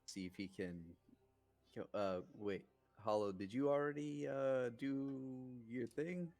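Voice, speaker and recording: A man's voice: mid-range voice, takes it slowly, gravelly, a little mellow. A man playing a tabletop game, chatting casually in character with frequent restarts. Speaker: player.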